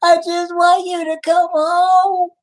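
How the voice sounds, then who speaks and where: A lovesick, gullible woman who coos and frets in a piercingly high voice that hardly moves up or down, put on by a man as a prank. She sounds tearful and devoted, smothering her listener in endearments. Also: flat delivery, moderate pace, pushed and bright, poor audio. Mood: tearful pleading. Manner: doting, tearful, naive sweet-talk. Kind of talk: prank call role-play.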